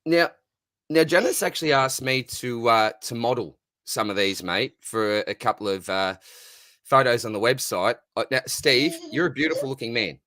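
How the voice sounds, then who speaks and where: A man's voice: mid-range voice, animated, normal speed, sharp tone, no room sound. A young Australian man, a teacher by day, chatting casually and cheerfully on a live stream, dropping "mate" into nearly every sentence. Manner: upbeat, says "mate" constantly. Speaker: fantasy sports podcaster, guest.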